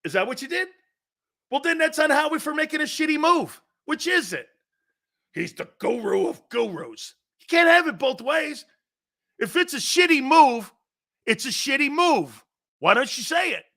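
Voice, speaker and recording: Loud, bright-voiced East Coast male host. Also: extremely high pitch, sing-song, moderate pace, vocal fry. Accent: East Coast American. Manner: loud, profane, often shouting. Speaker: sports talk show host. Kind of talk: sports talk show rant.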